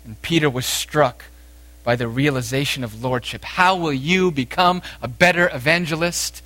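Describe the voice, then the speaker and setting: A man preaching a sermon, speaking with emphasis and moving between raised exhortation and quiet, intense passages. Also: fairly high pitch, moderate pace, no echo.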